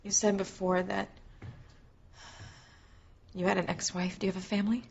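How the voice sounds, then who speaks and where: A woman's voice: medium pitch, level tone, normal speed, creaky, a little hiss or hum, lightly acted. An actress playing an indignant woman in hiding. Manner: insistent, confrontational. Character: adult woman hidden in protective custody, defiant and indignant. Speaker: soap opera character. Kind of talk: daytime soap acting. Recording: dull TV audio under music.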